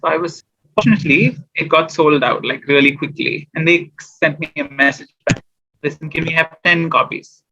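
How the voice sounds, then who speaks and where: A man's voice: fairly high pitch, normal speed, bright, forceful tone, lo-fi sound. A man guesting on an interview show, chatting casually about publishing his poetry and rambling with fillers and restarts. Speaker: guest poet and small business owner.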